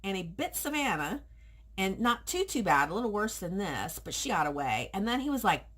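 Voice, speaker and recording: A woman vlogger who works as a pet groomer, retelling a customer encounter in a casual, animated way and acting out both sides of the conversation. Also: medium pitch, normal speed, slightly rough. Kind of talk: casual storytelling vlog.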